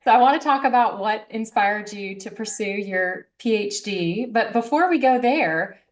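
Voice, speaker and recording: A woman hosting a podcast, asking questions and encouraging her guest in a warm, casual way. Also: on the high side, lively intonation, moderate pace. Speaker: podcast host. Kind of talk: casual interview talk.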